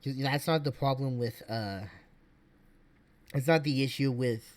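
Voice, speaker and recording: A man's voice: mid-range voice, normal speed. A man streaming casual reaction commentary, rambling with many fillers and restarts.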